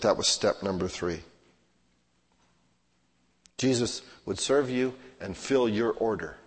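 A man's voice: on the low side, husky. Preaching man in a reverberant hall. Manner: dynamic preaching, swings from hushed to loud; acts out everyday scenes in quoted voices. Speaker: pastor. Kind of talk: sermon.

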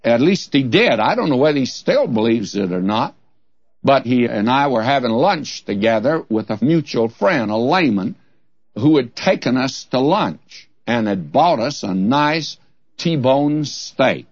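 A man's voice: medium pitch, expressive, a little slow. A man preaching a Bible-teaching sermon in a folksy, humorous storytelling manner. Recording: dull, dry lo-fi recording.

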